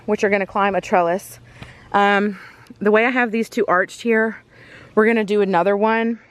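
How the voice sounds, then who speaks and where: Chatty woman touring her garden. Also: mid-range voice. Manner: chatty, rambling, many ums and self-corrections. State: out of breath from walking fast. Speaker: farm vlogger giving a garden tour. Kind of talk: casual walking tour chat. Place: outdoors in a garden.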